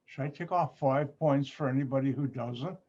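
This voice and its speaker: A man's voice: mid-range voice, normal speed, a little mellow. A man, a chemistry professor, teaching an online class patiently, repeating points and adding playful asides. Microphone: computer mic on a video call. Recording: muffled lo-fi video call audio.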